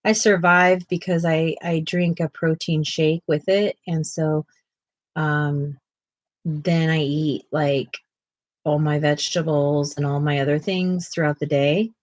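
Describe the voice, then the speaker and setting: A woman hosting a casual livestream, chatting and reading viewer comments aloud, now and then cooing softly to a fussy pet at home. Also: deep voice, level tone, takes it slowly, dry recording. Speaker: art channel host.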